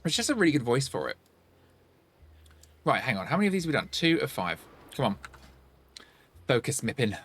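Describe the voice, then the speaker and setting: A man streaming a game and chatting casually with his viewers, reacting out loud with sing-song asides. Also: medium pitch, very animated, fairly quick, pauses often, breathy edge. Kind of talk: casual chat while gaming, answering chat.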